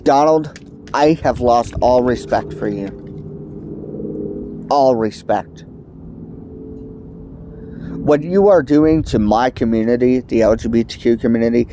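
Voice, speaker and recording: A man's voice: mid-range voice, a little slow, pauses often, dark tone, a little hiss or hum. A man vlogging a heated political rant to camera, angry and emphatic, sounding stuffed up from allergies. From United States.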